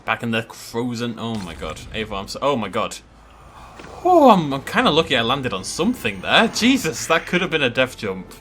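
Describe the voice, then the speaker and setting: A man chatting casually and excitably over his gameplay, swearing lightly as he goes. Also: mid-range voice, moderate pace, a little hiss or hum. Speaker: let's play host.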